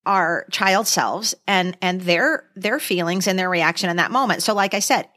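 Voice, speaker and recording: A woman's voice: on the low side, moderate pace, pushed and bright. A woman co-hosting a podcast, chatting casually, emotional and gushing, with rambling restarts. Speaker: podcast co-host. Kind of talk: casual chat.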